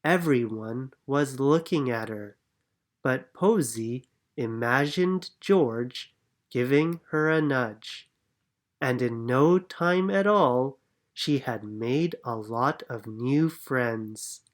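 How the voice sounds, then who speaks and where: A reader narrating a children's picture book aloud in a calm, clear manner. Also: medium pitch, slow. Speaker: storybook reader.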